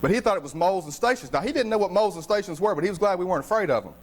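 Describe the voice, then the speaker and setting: A man preaching a sermon as pastor, conversational and animated, telling stories with humor. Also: high-pitched, racing.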